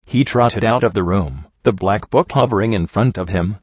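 Low-voiced man reading a story. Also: normal speed, hardly any pauses, slightly rough, no echo. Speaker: narrator. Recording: dull lo-fi recording.

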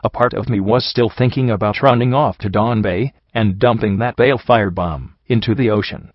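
A man narrating a first-person story in an earnest, steady reading, in a dull, slightly muffled recording. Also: on the low side, fairly quick, dry recording. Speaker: audiobook narrator. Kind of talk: first-person fan fiction audiobook reading.

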